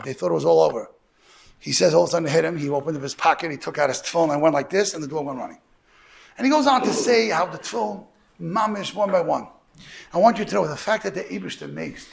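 Gravelly fast-talking man preaching. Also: fairly high pitch. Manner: animated, rushed, sprinkled with Hebrew and Yiddish terms. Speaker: religious lecturer. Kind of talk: storytelling sermon.

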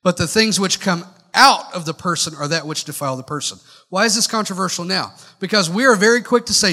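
A man preaching a sermon in a high, bright voice that carries a long reverb through the church sanctuary. He talks conversationally with wry asides and keeps putting questions straight to his listeners. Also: fairly quick, few pauses. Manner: conversational, questions the congregation directly. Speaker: pastor.

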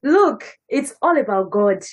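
A young woman giving a casual personal testimony on a church podcast, animated and laughing as she acts out what others say. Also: on the high side, a little slow, slightly rough, poor audio. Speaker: panel speaker on a church podcast.

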